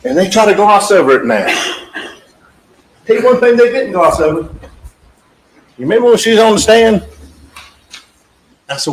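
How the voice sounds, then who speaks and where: A man's voice: high-pitched, sing-song, normal speed, long pauses. A man giving a closing argument to a jury, emphatic and repetitive, speaking straight to the jurors in a courtroom. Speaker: trial attorney. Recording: echoey courtroom audio with faint background noise.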